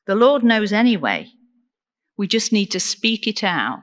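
A woman deacon preaching a sermon in an earnest, measured way, asking the congregation questions. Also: mid-range voice, very animated, a bit bright, in a large hall. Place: church.

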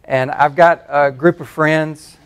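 Gravelly tennessee guy in his fifties, southern accent, easygoing faculty talk, lots of uhs and ums. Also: a little high, slow. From Tennessee, USA. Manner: relaxed, self-deprecating, with frequent "uh" and "um". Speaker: faculty speaker. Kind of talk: personal talk at a campus forum.

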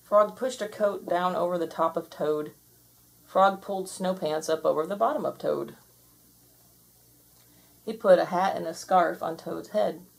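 Slow-paced, husky female narrator for a children's read-aloud, lowish voice. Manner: gentle, measured narration. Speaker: storybook reader.

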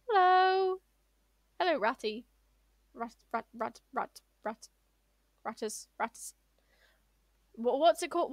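A woman's voice: on the high side, no echo. Chatty woman streaming a game. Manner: playful, chatty, talks to game mobs affectionately. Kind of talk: casual gameplay streaming.

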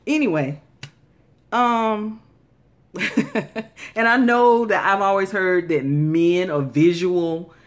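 A woman's voice: medium pitch, slow, pauses often. A woman giving earnest, Bible-based relationship advice to her viewers, talking to them directly and repeating phrases for emphasis. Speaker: faith-based relationship vlogger.

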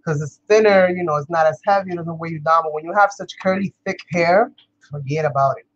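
This New York woman runs a crafting vlog, chatting casually and laughing often while calling viewers "you guys." Her low voice is fairly quick, and the sound is lo-fi.

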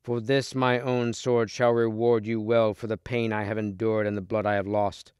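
A man voicing a noble, wounded king who speaks slowly and solemnly, in a storybook reading. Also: lowish voice, little pitch movement, a little mellow, clean tone, dry recording, clean studio sound, lightly acted. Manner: slow, solemn and measured.

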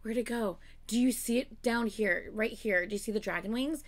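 High-voiced excited woman. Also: moderate pace. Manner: gushing, exclaiming and swearing. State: excited, near tears. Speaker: reaction video host. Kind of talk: casual reaction commentary.

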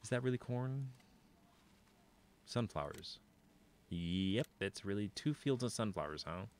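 A man's voice: animated, unhurried, slight background noise. A man streaming a farming game, chatting casually and thinking aloud to his viewers. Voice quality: low voice. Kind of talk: casual gameplay commentary.

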